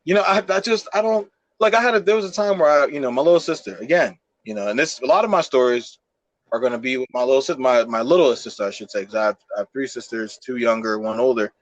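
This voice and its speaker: A young podcast co-host tells a story in a casual, animated way, full of fillers and swearing. His voice is mid-range and quick, with no room sound and a lo-fi quality.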